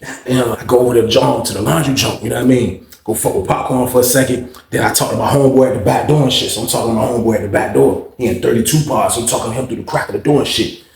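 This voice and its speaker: A man's voice: mid-range voice, fairly even intonation, very fast, creaky, darkish tone, echoey room. A man telling a prison story in loose, profane street talk. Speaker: storytelling host.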